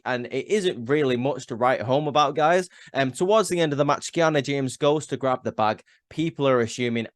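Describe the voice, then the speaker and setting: Male reviewer, mid pitch, casual and opinionated, dry close sound. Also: dry recording. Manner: rambling, frequent "um" and restarts, opinionated. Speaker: wrestling show reviewer.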